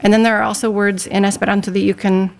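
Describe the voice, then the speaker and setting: Patient woman with a creaky voice. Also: medium pitch, little pitch movement, quick pace. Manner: patient, instructive. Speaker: guest language teacher. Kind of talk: explaining in an interview.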